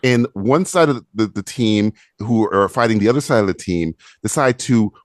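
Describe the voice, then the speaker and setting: A man's voice: moderate pace, no room sound. Guy ranting on a podcast, voice jumps all over, cussing a lot, dry close mic. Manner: animated, profane, mocking with squeaky put-on voices. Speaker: podcast co-host. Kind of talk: casual ranting podcast chat.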